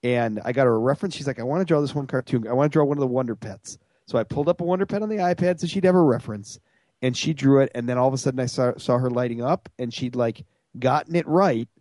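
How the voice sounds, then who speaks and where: A man's voice: mid-range voice, fast talker, a little mellow, dry recording. A man co-hosting a podcast, telling stories in casual chat with a self-mocking tone. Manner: self-mocking storyteller, acts out voices. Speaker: podcast co-host.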